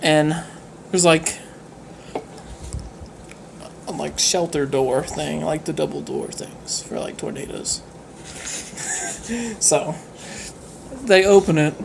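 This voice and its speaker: Low-voiced female storyteller, giggly and rambling, with faint noise in the background. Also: takes it slowly, vocal fry, long pauses. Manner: giggly, rambling, with frequent fillers. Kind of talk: casual comedic storytelling.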